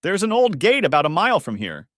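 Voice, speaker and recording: A man voicing a blunt, sharp-tongued young woman nurse in an audiobook story. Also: mid-range voice, very animated, brisk, dry recording, studio quality. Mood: commanding. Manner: blunt and commanding.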